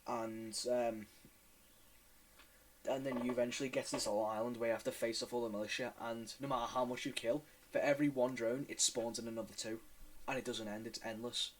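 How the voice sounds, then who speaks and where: A man's voice: medium pitch, fairly even intonation, fairly quick, rough recording. A man hosting a casual podcast chat, rambling and swearing with many restarts. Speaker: podcast host.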